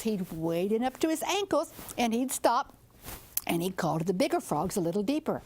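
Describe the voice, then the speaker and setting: An older woman from southern Indiana, telling a folktale in a lively, expressive way. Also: medium pitch, moderate pace. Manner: lively, expressive, audience-engaging. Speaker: storyteller.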